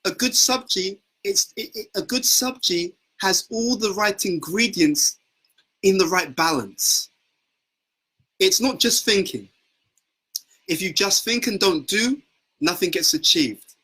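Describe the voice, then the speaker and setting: A man's voice: sits high, animated, takes it slowly, sharp tone, slightly rough, poor audio. A man giving an earnest devotional talk as a spiritual teacher, often repeating words as he searches for phrasing. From United Kingdom.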